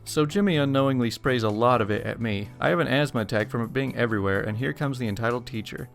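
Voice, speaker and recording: A man's voice: medium pitch, fast talker, gravelly, soft background music. A man hosting a channel, reading online stories aloud with casual, amused commentary.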